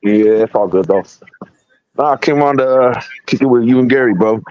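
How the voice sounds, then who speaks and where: A man's voice: mid-range voice, moderate pace, no echo, highs cut off. A man talking bluntly and profanely as a guest on a live stream show. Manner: blunt, profane street talk. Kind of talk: casual chat.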